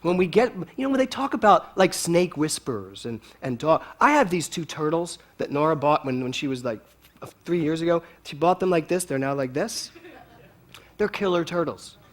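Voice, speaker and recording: A man giving a storytelling sermon to a congregation, animated and often laughing as he talks. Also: a little high, moderate pace. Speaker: speaker at a spiritual center.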